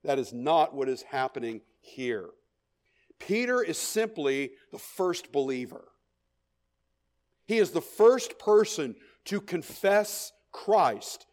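Emphatic high-voiced male preacher. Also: very animated, slow pace. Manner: emphatic preaching, repeats key phrases, asks "right?". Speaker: pastor. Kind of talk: sermon.

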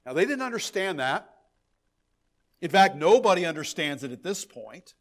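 A male pastor preaching an expository sermon, animated and emphatic, often repeating words as he restarts a thought. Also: high-pitched, moderate pace.

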